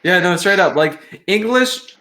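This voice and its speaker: A woman co-hosting a podcast, chatting casually in a rambling, halting way. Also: on the low side, animated, fairly bright tone. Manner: rambling, halting, laughs a lot. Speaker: podcast co-host. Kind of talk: casual chat.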